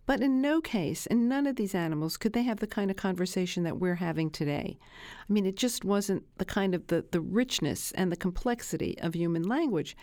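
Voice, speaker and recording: A woman with a mid-range, darkish voice is interviewed as an animal researcher, recorded with clean studio sound and no echo. She tells anecdotes conversationally and acts out the dialogue she quotes.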